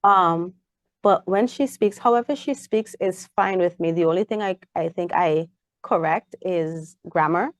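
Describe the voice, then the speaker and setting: A young woman with a Caribbean English accent speaks as a guest in a relaxed interview. Her voice sits low and sounds dry and close, and she brings her anecdotes to life by acting out the voices in them. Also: a little slow, no echo. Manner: animated storyteller, acts out her child's voice. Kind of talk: casual interview chat.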